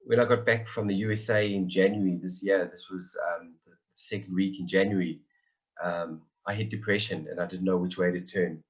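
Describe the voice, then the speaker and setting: A man's voice: low-pitched, steady tone, normal speed, dull audio. A man in his forties giving an earnest personal testimony, repeating phrases for emphasis. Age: 40s. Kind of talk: emotional personal testimony on a call.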